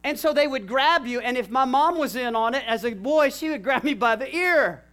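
High-voiced man preaching with fervor. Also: moderate pace. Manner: impassioned preaching, swings from hushed to shouting. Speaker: pastor. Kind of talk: sermon.

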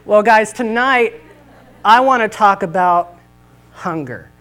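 A man's voice: high voice, slow pace, soft background music, rough recording. A man preaching a sermon with humorous, folksy storytelling at a church service. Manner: animated, jokey, folksy.

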